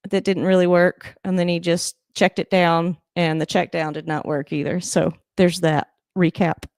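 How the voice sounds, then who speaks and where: A woman hosting a casual livestream reaction to a football game, chatty and rambling, laughing often and breaking into sudden excited outbursts. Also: on the low side, normal speed, dry recording, clean studio sound. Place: home room, moving around the camera.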